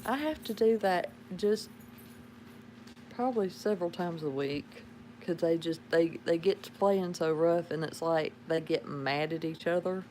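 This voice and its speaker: Slow, soft-spoken Southern woman. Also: on the low side, slight background noise. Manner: soft-spoken, chuckling, drawling. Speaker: livestream host. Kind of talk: casual live chat. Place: home with pet dogs.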